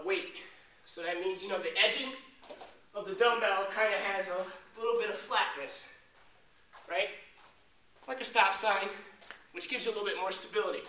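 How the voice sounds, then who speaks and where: A male fitness coach with a high, piercingly bright voice, talking through exercises with energy and a joking edge. He is recorded from a distance in an echoey room with faint background noise. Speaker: fitness trainer. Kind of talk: workout demonstration.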